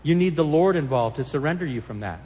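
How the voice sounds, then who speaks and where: A man's voice: on the high side, lively intonation, fast talker, mellow, lo-fi sound. A man preaching a sermon as pastor, earnest and emphatic as he reads and explains scripture. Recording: long hall reverb.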